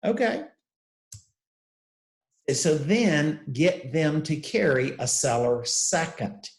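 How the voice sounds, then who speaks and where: A man's voice: a little high, takes it slowly, roomy sound, rough recording. An older man teaching real estate investing, telling a story and acting out the dialogue. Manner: animated storyteller, acts out dialogue.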